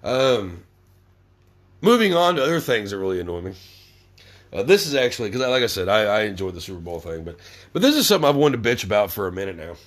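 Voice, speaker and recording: A young male podcast host delivers an angry, profane rant, swearing constantly and stammering as he restarts. His lowish voice moves quickly in a sing-song way.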